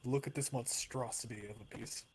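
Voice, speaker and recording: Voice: mid-range voice, fairly even intonation, brisk, a little mellow, slightly rough. A player in a tabletop game, chatting casually and describing a character's actions. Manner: casual, says "like" a lot.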